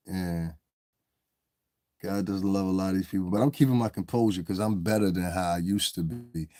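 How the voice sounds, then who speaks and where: A man's voice: fairly low pitch, darkish tone, no room sound, clean studio sound. A man hosting a casual livestream, reading his chat aloud and ranting back at the trolls in a confrontational, profane, rambling way. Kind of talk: casual live-stream rant.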